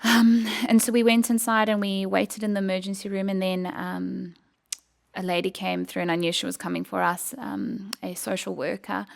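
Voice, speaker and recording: A woman from South Africa, a podcast guest, telling a personal story with emotion and many pauses. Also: medium pitch, level tone, creaky.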